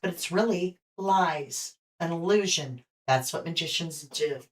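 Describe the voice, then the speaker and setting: A woman's voice: lowish voice, unhurried, recorded from a distance. Chatty woman hosting a tarot live stream. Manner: chatty, warm toward viewers, speculative. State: hiccuping. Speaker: host and tarot reader.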